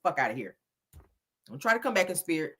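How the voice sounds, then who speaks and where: Woman doing a cursing, bossy judge; bright, husky, very animated swings. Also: low voice, fast talker, pitched below the performer's own voice, exaggerated voice. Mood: scolding. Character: profane stern judge scolding a ghost convict.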